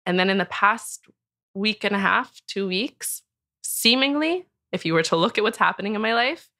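A woman's voice: medium pitch, expressive, moderate pace, sharp tone. A woman hosting a podcast in casual chat, talking in a loose, rambling way with many "like" fillers and laughing now and then. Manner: chatty, many "like" fillers, acts out her own inner talk; laughs often while talking. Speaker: podcast host.

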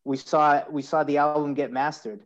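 Halting man on a muffled mic. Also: fairly high pitch, fairly even intonation. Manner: halting, hesitant, repeats words. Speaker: guest DJ. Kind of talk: casual reminiscing on a panel.

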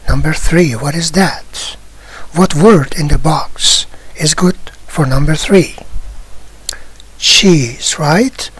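Teacher doing workbook answers real slow, soft husky voice, lots of ups and downs. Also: mid-range voice, lively intonation, low-quality recording. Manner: slow, soft, partly whispered explaining. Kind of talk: going through workbook exercises.

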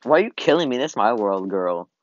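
A gamer chatting casually while playing with a friend, excitable and teasing, often gasping and squealing. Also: mid-range voice, brisk. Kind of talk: casual gameplay chat. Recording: dull lo-fi recording.

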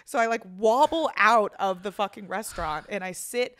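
A woman's voice: mid-range voice, expressive, moderate pace, fairly bright tone. Swearing woman telling a wild story. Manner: swears freely, says "dude" often; rambling with restarts. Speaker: podcast host. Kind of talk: casual storytelling chat.

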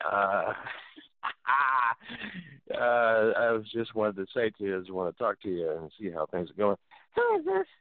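Middle-aged guy hosting, preachy and lively, lots of exclaiming, tinny dry phone-ish sound. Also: lowish voice, measured pace, dry recording. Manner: animated preacherly, exclaims often. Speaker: talk show host. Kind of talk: casual storytelling.

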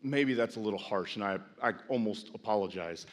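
A middle-aged man preaching a sermon as pastor, folksy with self-deprecating asides, building to loud, impassioned preaching. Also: fairly low pitch, a little fast. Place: large church sanctuary. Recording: long church hall reverb.

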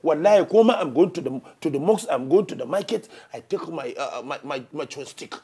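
A man's voice: fairly high pitch, fairly quick. A man playing a hot-tempered proud Hausa-accented husband. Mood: indignant. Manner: excitable, indignant, swears oaths, mixes Hausa and English. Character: hot-tempered proud middle-aged northern Nigerian husband. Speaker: husband on counseling show. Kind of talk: comic drama acting.

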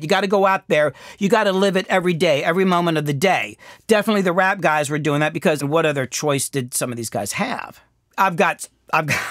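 A middle-aged man, a music producer hosting his own show, telling candid, self-deprecating stories that swing from animated to quietly reflective. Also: high voice. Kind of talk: candid storytelling monologue.

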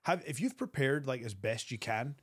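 A man, a wrestler telling an animated backstage story as a guest on an interview show. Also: husky, no echo, studio quality. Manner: animated storyteller, quick bursts of pitch.

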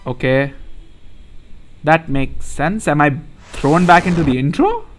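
A young man hosting a let's play, reacting excitably and profanely to a puzzle game as he plays. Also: a little high, unhurried, loud music behind the voice. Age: young adult. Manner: excitable, profane, often laughing. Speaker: gaming channel host.

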